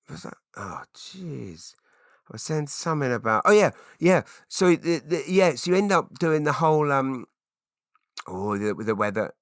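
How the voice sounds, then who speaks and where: A man's voice: medium pitch, dry recording, clean studio sound. A man in his forties with a British accent, hosting a rambling solo podcast, often breaking off mid-sentence and slipping into silly voices. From England. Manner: rambling, self-interrupting, jumps into silly put-on voices. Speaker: podcast host.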